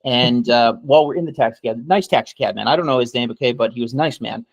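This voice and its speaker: A man's voice: medium pitch, quick pace, no echo. A man co-hosting a podcast, telling a long, rambling story full of swearing and asides like "okay?". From United States. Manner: rambling, swears freely, keeps adding "okay?". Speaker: podcast co-host. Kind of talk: casual storytelling chat.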